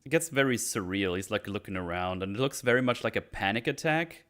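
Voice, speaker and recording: A man's voice: fairly low pitch, lively intonation, brisk, fairly bright tone. A man hosting a casual podcast chat, rambling as he recaps a film scene by scene. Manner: rambling, acts out quotes. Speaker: podcast host.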